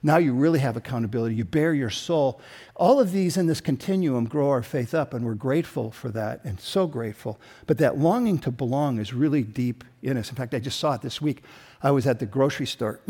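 A man as pastor preaching a sermon, telling a story and building to emphatic peaks, with frequent throat-clearing. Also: medium pitch, moderate pace, warm tone.

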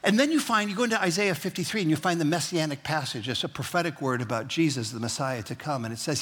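A man's voice: on the high side, fast, few pauses, fairly bright tone. A male pastor giving a sermon in a conversational, folksy way, with humorous asides, and leading his congregation to repeat lines back to him. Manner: leads the congregation in call-and-response.

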